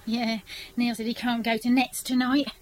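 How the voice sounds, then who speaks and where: A woman's voice: on the high side, little pitch movement, moderate pace, close to an everyday voice, poor audio. An actress playing a chatty, homely middle-aged woman.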